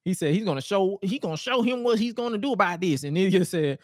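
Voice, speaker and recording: Clean studio audio with no echo captures a high-voiced, quick-talking podcast co-host. In casual chat he recaps old wrestling shows, storytelling with energy and voicing the wrestlers' lines in silly impressions.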